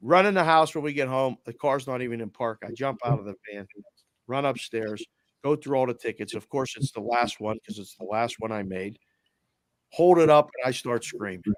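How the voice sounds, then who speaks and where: Middle-aged male podcast guest, casual storyteller, mid-pitched voice, dry close mic. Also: no room sound. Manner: animated, quotes people in quick back-and-forth.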